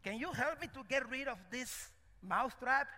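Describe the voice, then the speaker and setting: A man's voice: extremely high pitch, normal speed, sharp tone, pitched above the performer's own voice, heavily acted. A man voicing a panicking little male mouse in a spoken parable, pleading for help. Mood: panicked. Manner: frantic, pleading. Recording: echoey hall.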